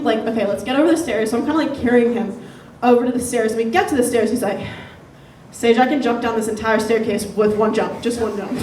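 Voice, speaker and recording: A woman's voice: on the high side, slight background noise. A young woman doing a stand-up set, telling a story in a chatty way with laughing asides. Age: young adult. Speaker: stand-up comedian. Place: comedy venue. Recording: echoey room, distant mic.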